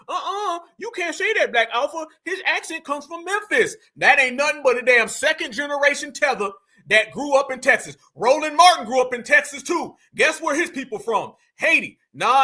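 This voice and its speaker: Man, high bright voice, mocking, emphatic, fiery commentary host, preacher-like call-outs. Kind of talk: fiery political commentary broadcast.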